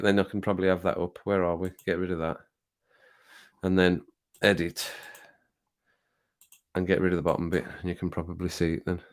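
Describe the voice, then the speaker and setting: A man with a lowish voice chats loosely with his live viewers from a home streaming desk. He rambles from one thing to the next, laughs a lot and swears freely, close to a desk microphone. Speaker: livestream host. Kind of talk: casual chat with live viewers.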